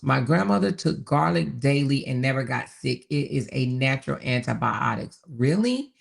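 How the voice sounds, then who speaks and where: A woman's voice: deep voice, measured pace, vocal fry, few pauses. A woman hosting a casual livestream, reading viewer comments aloud in a chatty way, repeating herself and laughing often. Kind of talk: casual live chat.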